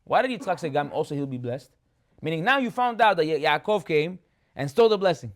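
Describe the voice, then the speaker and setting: High-voiced man telling a lively Torah lesson. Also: brisk. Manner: animated storytelling, acting out the characters; chatty, asks rhetorical questions. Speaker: rabbi.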